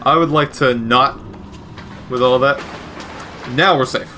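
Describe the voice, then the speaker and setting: Taking it slowly, a man offers loose, meandering gameplay commentary full of wry remarks and frequent self-corrections. His voice is medium in pitch with a sharp tone, and there's slight background noise.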